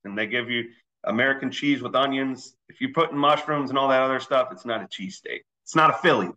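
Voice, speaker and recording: A man's voice: medium pitch, fast talker, sharp tone, low-quality recording. A man, a swim coach, telling stories in an easygoing way as a guest on a casual podcast. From Philadelphia area, raised in Texas. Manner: easygoing storytelling with fillers.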